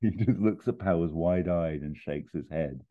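A podcast host pitches a comedy film scene as comic storytelling, narrating in an animated way at normal speed and laughing as he tells it. The sound is tinny, like a phone.

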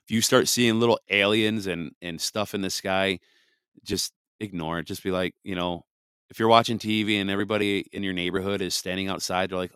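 A man with a very low voice that comes across hoarse and raspy from a lingering illness, yet still smooth and resonant underneath. He hosts his podcast in a fervent, folksy way, close and dry on the mic. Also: moderate pace, fairly bright tone, no echo. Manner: fervent, folksy, laughs often. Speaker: podcast host. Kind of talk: casual podcast talk with prayer. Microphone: headphones and studio mic.

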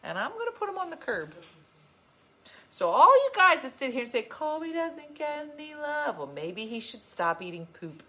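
A woman vlogger talks straight to her viewers in a casual, emphatic way. Her pitch swings widely as she tells her stories, and her tone is bright and forward. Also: moderate pace. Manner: emphatic, animated storytelling. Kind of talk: casual chat to viewers, reading comments.

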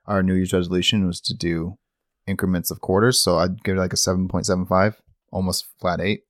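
A man's voice: deep voice, flat delivery, fairly quick, dry recording, studio quality. A young man co-hosting a podcast, chatting casually and rambling in a jokey way about a movie. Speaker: podcast co-host. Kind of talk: casual chat, movie review.

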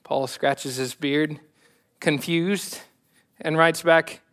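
A man's voice: fairly high pitch, fairly even intonation, extremely slow, long pauses, fairly bright tone. A male pastor delivering a sermon with self-deprecating humor.

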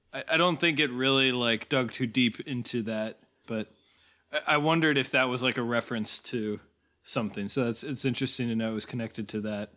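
A man with a bright, clear-toned voice, co-hosting a casual podcast. He muses thoughtfully about a film and often restarts his sentences. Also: mid-range voice. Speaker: podcast co-host. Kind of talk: casual film review chat.

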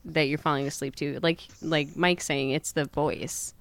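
Brief: easygoing female co-host, lowish voice, dry close sound. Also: steady tone, normal speed, dry recording. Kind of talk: casual podcast chat.

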